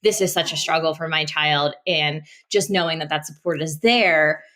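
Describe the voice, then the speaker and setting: A woman's voice: low-pitched, moderate pace, a bit bright. A woman speech-language pathologist talking earnestly and passionately as a podcast guest, with frequent restarts and fillers. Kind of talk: casual podcast interview.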